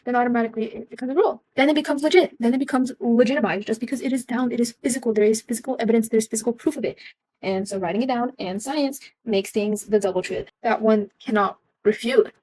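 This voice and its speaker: A woman's voice: a little high, fairly even intonation, quick pace, darkish tone, low-quality recording. Young woman explaining with many ums. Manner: earnest, with frequent ums and restarts. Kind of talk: casual explanatory talk.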